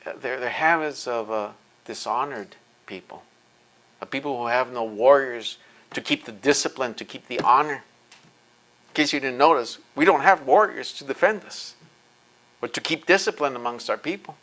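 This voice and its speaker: Forceful man giving an intense lecture. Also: medium pitch, normal speed. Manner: intense, emphatic, repeats words when heated; blunt and profane. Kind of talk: impassioned lecture.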